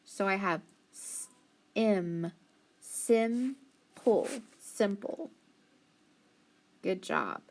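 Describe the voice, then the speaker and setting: Patient woman teaching phonics slowly. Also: medium pitch. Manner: slow, patient, sounds words out syllable by syllable; encouraging, praises often. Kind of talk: phonics lesson.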